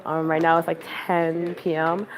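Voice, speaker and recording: A woman's voice: low-pitched, level tone, normal speed. A woman livestreaming on her phone from a campaign office, chatting casually and rambling with lots of fillers. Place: busy campaign office indoors. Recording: crowd chatter behind.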